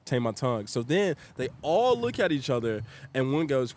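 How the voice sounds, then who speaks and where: Young man, podcast guest, casual storytelling, animated, voices the quoted lines. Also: mid-range voice, normal speed, a little hiss or hum.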